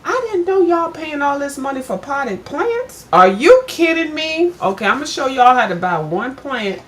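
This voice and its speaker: A woman's voice: high-pitched, normal speed, a little hiss or hum. An older woman, chatting casually to her viewers and telling a story with lots of asides. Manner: chatty, addresses viewers as "girl", animated when retelling. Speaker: vlogger.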